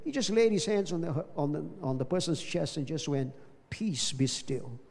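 A man preaches a sermon, often pausing to ask his congregation rhetorical questions. His voice sits high, with a mellow, relaxed tone. A long reverb trails each phrase around the hall. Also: vocal fry. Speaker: pastor.

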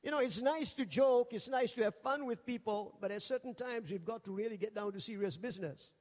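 A male pastor preaching a sermon in a jokey, animated storytelling manner. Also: high-pitched, brisk, big-room sound. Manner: jokey, animated, acts out quoted voices.

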